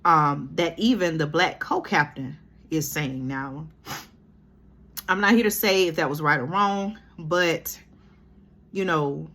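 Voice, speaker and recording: A woman's voice: low voice, takes it slowly, long pauses, fairly bright tone. A woman from Georgia, commenting on a news article she reads aloud, breaking in often with "okay?" and "y'all". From Georgia, USA. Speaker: commentary vlogger.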